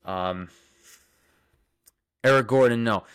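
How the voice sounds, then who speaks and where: Young guy w a long island accent, lowish voice, reading out comments on his live stream and chatting back. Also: normal speed, a bit bright. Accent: Long Island New York. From Long Island, New York. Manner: reads viewer names aloud and answers them, often repeating phrases. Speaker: dentist hosting a livestream. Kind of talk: casual livestream chat reading comments.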